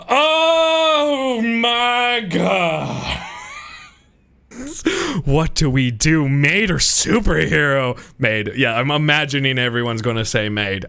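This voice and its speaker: A young man streaming a game live, excitable and giggly as he talks to his chat. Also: on the high side, clear, resonant tone.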